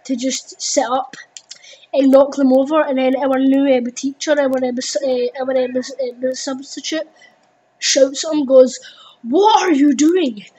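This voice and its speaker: A teenage girl, commenting on her gameplay in an excitable, rambling way with lots of fillers. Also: high voice, unhurried, poor audio. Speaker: gaming video host.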